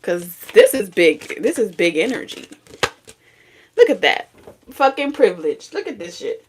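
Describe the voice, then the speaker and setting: A woman's voice: mid-range voice, big pitch swings, unhurried, background noise. A woman giving a tarot reading, talking in a blunt, profane, scolding way with lots of repetition. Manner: blunt, profane, scolding street talk with sudden laughs and singing. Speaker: tarot reader.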